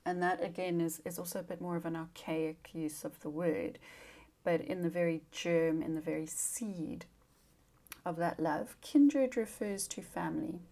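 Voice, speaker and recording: Tired woman teacher with a gravelly voice. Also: on the low side, normal speed, warm tone. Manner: chatty, informal, with fillers and asides. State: tired, yawning. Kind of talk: casual recorded lesson.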